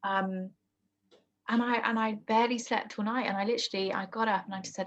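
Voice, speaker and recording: A young woman telling a painful personal story in conversation, halting and emotional with many restarts. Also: medium pitch, fairly even intonation. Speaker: guest. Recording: dull lo-fi podcast audio.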